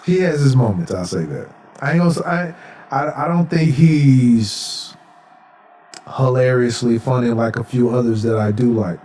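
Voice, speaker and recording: A man co-hosting a podcast in animated, profane casual chat. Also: medium pitch, normal speed, a little hiss or hum. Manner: animated, profane, acts out voices. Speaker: podcast co-host. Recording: distant from the mic.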